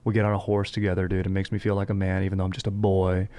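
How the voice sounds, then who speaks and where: A man's voice: low voice, completely flat delivery, very fast, mellow. A young man hosting a podcast in laid-back, slangy casual chat, peppering his talk with "dude". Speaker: podcast host.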